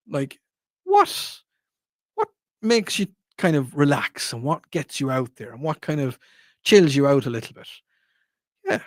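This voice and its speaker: A man's voice: mid-range voice, no room sound. A man hosting a casual call-in radio talk show, chatty and self-mocking as he reads out listener texts on a studio microphone.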